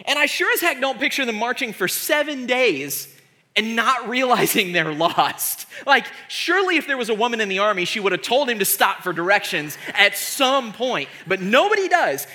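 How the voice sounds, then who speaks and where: A man in his thirties preaching a comedic sermon in an animated, joking, sarcastic way. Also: very high voice, moderate pace.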